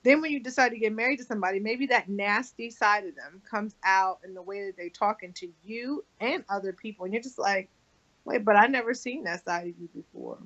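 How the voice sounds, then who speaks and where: A woman co-hosting a casual chat show, talking in a quick, playful, chatty way. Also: mid-range voice, fairly bright tone, lo-fi sound. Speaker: podcast co-host.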